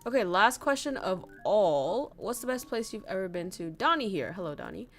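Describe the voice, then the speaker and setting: A woman's voice: medium pitch, sing-song, moderate pace, a bit bright. A young woman from northern Vietnam, candidly chatting with viewers as a streamer, swearing freely and laughing often. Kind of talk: casual chat reading viewer messages.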